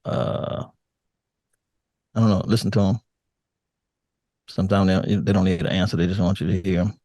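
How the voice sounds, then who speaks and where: An older man with a somewhat low voice tells his stories in a relaxed, meandering way, laughing easily. The sound is dry and close, with no room around it. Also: normal speed, no room sound. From United States. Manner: relaxed, rambling, laughs often. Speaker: guest. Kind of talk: casual chat.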